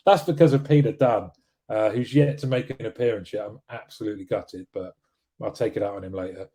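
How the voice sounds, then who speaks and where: On this weekly live stream, the host rambles through casual talk and viewer comments, restarting often and filling gaps with fillers. His voice is on the low side and mellow, and he speaks a little fast.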